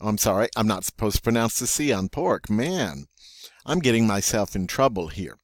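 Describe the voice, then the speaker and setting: A man teaching French vocabulary, playful and joking, saying each word slowly and twice before giving its meaning. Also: fairly low pitch, big pitch swings, no echo, clean studio sound. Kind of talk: vocabulary lesson.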